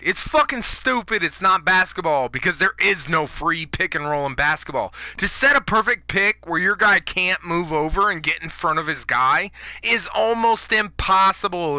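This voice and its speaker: Man, gaming commentary rant: high, very bright voice, dry close mic, profane and heated. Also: dry recording. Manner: profane, fired-up ranting. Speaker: gaming YouTuber. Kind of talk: ranting gameplay commentary.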